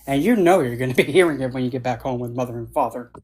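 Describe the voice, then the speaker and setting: A man's voice: mid-range voice, rapid-fire, slightly rough. A man on a video call, a panelist telling playful, jokey stories and acting out the voices. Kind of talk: casual panel talk.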